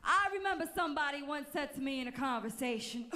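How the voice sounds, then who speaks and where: A woman's voice: high voice, animated, quick pace, distant mic, background noise. A young woman with a Puerto Rican accent performing spoken word poetry on an auditorium stage, rhythmic and defiant, mixing English and Spanish. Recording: roomy auditorium with loud music.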